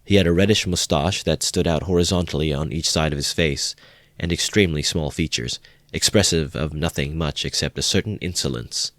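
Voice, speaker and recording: A man narrating a classic novel in a measured amateur audiobook reading. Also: rumbling low, fairly bright tone, no echo, clean studio sound.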